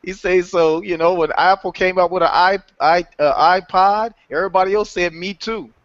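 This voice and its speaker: Male motivational mentor, slightly high voice, halting then emphatic, dry dull audio. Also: fairly even intonation, a bit bright, no room sound. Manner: halting, many fillers, then emphatic and laughing. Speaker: author and mentor guest. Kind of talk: motivational talk on a live call.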